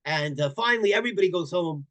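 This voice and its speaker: A man, a rabbi teaching a Torah class, telling stories in an animated way, repeating words and bursting into loud emphasis. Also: sits high, quick pace.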